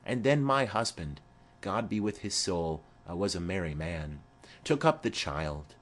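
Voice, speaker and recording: Brief: man playing a chatty old nurse in an audiobook play, slow and sing-song, low voice. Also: very animated, exaggerated voice. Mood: rambling fondly. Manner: rambling, garrulous storytelling. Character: chattering old female nurse, rambling and fond.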